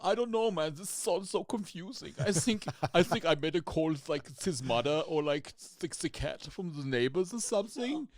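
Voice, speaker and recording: A man's voice: fairly high pitch, lively intonation, very fast, hardly any pauses, warm tone, no echo, voice pushed up. A man putting on a German accent as a muddled, confused man rambling in a comic outtake. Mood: baffled.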